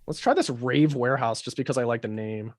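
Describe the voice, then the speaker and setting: A man's voice: mid-range voice, fairly quick, background noise. A man running a live mixing tutorial over a video call, casual and thinking aloud with plenty of fillers. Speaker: mixing engineer teaching a livestream.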